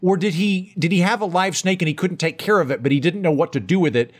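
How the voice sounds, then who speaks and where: Brief: American male host, slightly higher voice, loose, rambling, self-interrupting chatter. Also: fast talker. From United States. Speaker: podcast host. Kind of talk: casual comedic chat.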